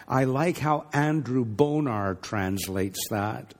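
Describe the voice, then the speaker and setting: A male preacher delivering a dramatic sermon, rising to emphasis and dropping to hushed, near-whispered lines. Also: mid-range voice, lively intonation, a little slow. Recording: long hall reverb.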